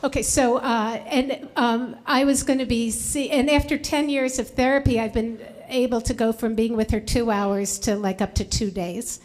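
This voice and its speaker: Woman, 50s, live storyteller; slightly high voice, loose, filler-heavy delivery. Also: fairly even intonation, moderate pace, hardly any pauses. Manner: chatty, many fillers and restarts. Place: library event before an audience.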